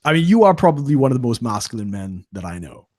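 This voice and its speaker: A man's voice: mid-range voice, quick pace, no room sound, studio quality. A man hosting a casual interview, friendly and chatty, affirming his guest often. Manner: friendly, animated, frequent affirmations. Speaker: host.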